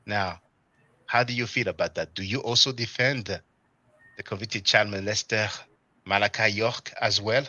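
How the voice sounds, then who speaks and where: A man's voice: lowish voice, steady tone, moderate pace, bright, forceful tone, dry recording, lo-fi sound. A man hosting a live stream, reading viewer comments aloud and chuckling between them. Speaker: channel host. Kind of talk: casual live stream chat.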